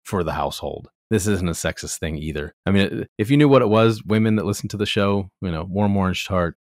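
A man with a low voice, hosting a podcast in casual chat. He tells anecdotes with a wry, teasing edge, recorded dry and close. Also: a little fast, dry recording. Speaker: podcast host.

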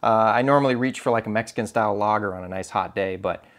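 A man's voice: on the low side, quick pace. A young American man chatting casually to camera as a video host, chatty and self-deprecating, with plenty of ums and uhs. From United States. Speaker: photography YouTuber.

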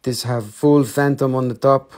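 A man's voice: medium pitch, steady tone, normal speed, a little mellow. A man with a Russian accent hosting a live crystal sales stream, playful and in broken English. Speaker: online crystal seller.

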